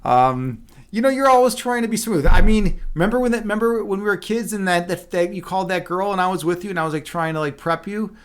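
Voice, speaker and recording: A man's voice: high-pitched, fast, few pauses, clear, resonant tone. A man chatting casually on a livestream as a chess instructor. He rambles and fills his talk with "like" and "you know". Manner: talks loudly at times.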